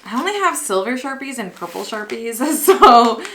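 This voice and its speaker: A woman vlogging casually as she unboxes a gift, gushing and excitable, chatting with lots of fillers. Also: a little high, normal speed, a little hiss or hum. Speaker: costuming vlogger.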